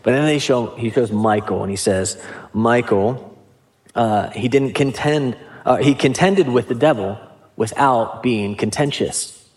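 Male pastor, mid-pitched, relaxed conversational sermon delivery with casual asides. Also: unhurried.

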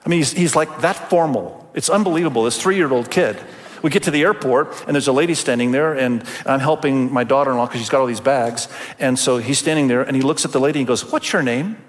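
A man's voice: medium pitch, fast. Older man, pastor, emphatic sermon, rhetorical questions, echoing church hall. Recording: long hall reverb.

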